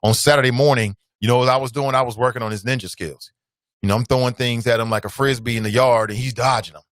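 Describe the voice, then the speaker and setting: A man's voice: medium pitch, steady tone, fast talker, a bit bright, dry recording. A male talk show host speaking earnestly and directly to his audience, whom he calls family. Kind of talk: casual commentary.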